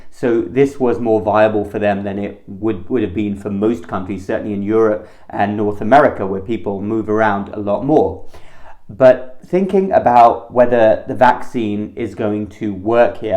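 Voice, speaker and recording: A male internal medicine physician talks straight to the viewer about a health question. His voice sits a little low and sounds mellow and relaxed. He explains points earnestly and at a measured pace. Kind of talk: solo health commentary to camera.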